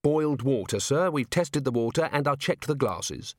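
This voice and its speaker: A man's voice: medium pitch, lively intonation, normal speed, no echo, studio quality, pitched above the performer's own voice, close to an everyday voice. Carrot, an earnest young constable voiced by a man. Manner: earnest, helpful, respectful. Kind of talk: audiobook character voice.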